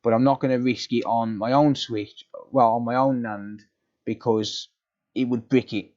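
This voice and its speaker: A man's voice: mid-range voice, steady tone, a little slow, a little mellow. Plain-spoken man on a dull lo-fi stream. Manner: explanatory, matter-of-fact, with frequent ums and restarts. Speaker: live-stream repair technician. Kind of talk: casual live-stream chat answering viewers.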